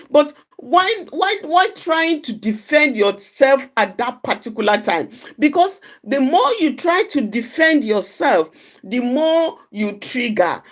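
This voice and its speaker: A woman speaks earnestly in a reflective outreach talk. Her voice sits fairly high and moves animatedly up and down. She often circles back and repeats a phrase to drive the point home. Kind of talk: personal reflective talk on anger.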